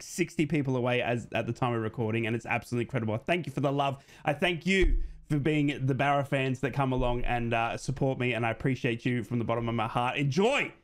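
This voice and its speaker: Excitable Australian man, fan commentary. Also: mid-range voice. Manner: chatty, excitable, laughs often. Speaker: football fan streamer hosting a watch-along.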